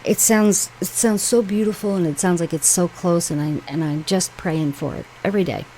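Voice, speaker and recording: A woman from New York with a lowish voice talks through posts for her own channel, reading them aloud and then musing on them. She rambles casually, with many fillers and restarts, while a faint hum of background noise sits under her voice. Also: normal speed, dark tone, low-quality recording. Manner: rambling, conversational, with frequent fillers and asides. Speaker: channel host.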